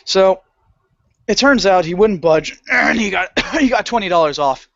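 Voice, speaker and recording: A young man telling a story on a podcast, animated and swearing, acting out the people in it. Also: high-pitched, unhurried, vocal fry, no room sound, lo-fi sound. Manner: animated, swearing, acts out customer voices. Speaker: podcast co-host. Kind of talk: casual storytelling rant.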